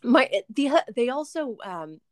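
A woman's voice: a little high, very animated, slow pace, no echo. Young woman, mother as interview guest, chatty and rambling, dry close-miked sound. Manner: chatty, rambling, frequent fillers and restarts. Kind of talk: casual interview chat.

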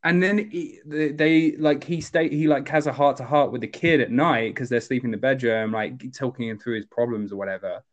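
A man co-hosting a casual movie discussion, talking in a relaxed, rambling way. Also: medium pitch, brisk, hardly any pauses. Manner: relaxed, rambling with fillers and restarts. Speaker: podcast co-host.

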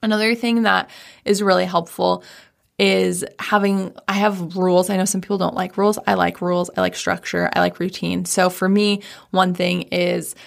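A woman speaks in a relaxed, chatty way, with a gravelly, fry-tinged edge. She sounds like a coach sharing habits, upbeat and informal. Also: lowish voice, normal speed. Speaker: business coach. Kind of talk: casual mindset talk. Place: home office.

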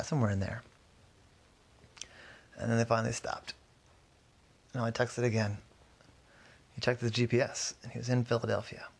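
A man telling a detective story in a relaxed, rambling way, sometimes correcting himself as he goes. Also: medium pitch, creaky. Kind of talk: casual storytelling.

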